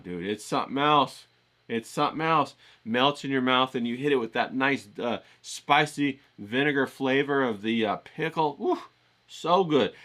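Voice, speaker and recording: Bright-voiced dude hyping up his viewers, slangy and pushy, keeps repeating stuff. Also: mid-range voice. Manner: hyped, coaxing, repeats himself, slangy. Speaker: motivational vlogger. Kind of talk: casual motivational pep talk.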